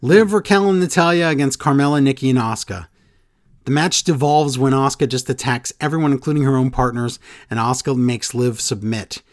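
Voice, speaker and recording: A man's voice: mid-range voice, a little fast, no room sound, clean studio sound. A man in casual chat, animatedly retelling events and quoting people in funny voices. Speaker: podcast co-host recapping wrestling.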